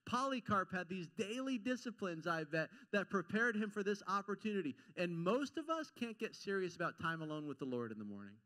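A male pastor giving an informal, animated sermon to a congregation, acting out quotes and joking at his own expense. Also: high-pitched, a little fast, hardly any pauses. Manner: animated and informal, acts out quotes, self-deprecating jokes. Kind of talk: conversational sermon. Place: church sanctuary before a congregation.

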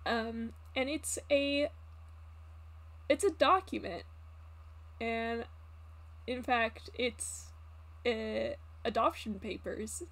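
A woman narrating as game master in a tabletop game, halting with many fillers. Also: a little high, fairly bright tone.

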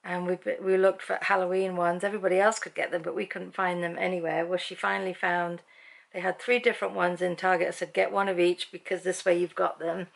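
Brisk and gravelly, with a fairly low pitch that barely moves, a middle-aged British family vlogger chats at home in the evening. Her casual vlog rambles through a long story, with ums coming frequently.

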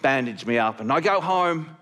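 A man doing stand-up comedy and telling a story in an animated, shouty way. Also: medium pitch, moderate pace, heavy background noise.

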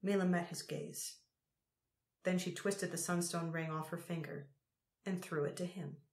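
A woman narrating an audiobook in a measured, unhurried way. Her voice sits somewhat low. The recording has a roomy echo around it. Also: steady tone, a little mellow.

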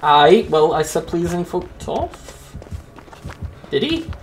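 A man giving casual, jokey commentary over a video game, swearing freely and reacting loudly. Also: fairly high pitch, slow pace. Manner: excitable, swears a lot, jokey. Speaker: gaming YouTuber.

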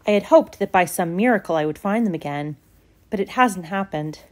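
A woman's voice: lowish voice, animated, fairly quick, lightly acted. A woman reading as a polite, earnest widow. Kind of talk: storybook reading.

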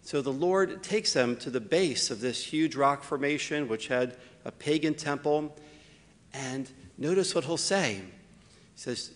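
A man, a priest, preaching a homily with wry asides, slowing down to stress key points. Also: mid-range voice, expressive, big-room sound. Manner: slows down for emphasis, wry asides.

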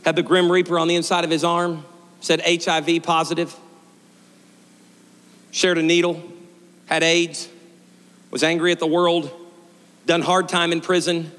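A middle-aged male pastor preaching a storytelling sermon, swinging from shouted peaks to quiet, joking asides. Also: on the high side. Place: church sanctuary. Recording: long church reverb.

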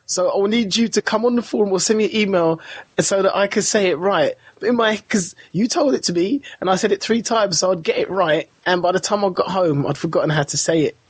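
A man's voice: high voice, a little fast, slightly rough, dry recording. A man co-hosting a podcast, telling a rambling story in a casual chatty way. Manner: rambling anecdotal storytelling with laughs. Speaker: podcast co-host.

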